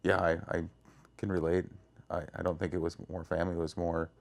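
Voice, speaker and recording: A man interviewing as guest host on a podcast, asking short relaxed questions. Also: sits low, fairly quick, gravelly. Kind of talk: casual interview.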